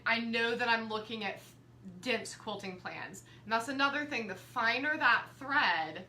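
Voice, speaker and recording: A woman's voice: on the high side, sharp tone, a little hiss or hum. A young woman, chatting through a live quilting demo and talking straight to her viewers. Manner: chatty, friendly, addresses viewers directly. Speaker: quilting teacher. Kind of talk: live-streamed quilting demonstration. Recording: echoey room.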